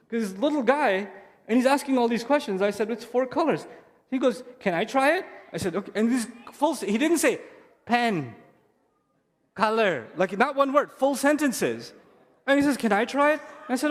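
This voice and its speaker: A man with a notably high voice delivers a lecture to parents, slipping into short stories and imitating a child's questions. His voice rings out with a long reverb, as in a big hall. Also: moderate pace. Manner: lively storytelling, acts out a child's voice. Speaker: Islamic speaker.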